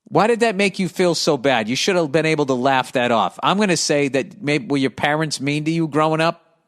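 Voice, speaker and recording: A man's voice: fairly high pitch, a little fast. A middle-aged man hosting a podcast, reading listener mail and riffing on it in a profane, sarcastic rant. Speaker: comedian podcast host.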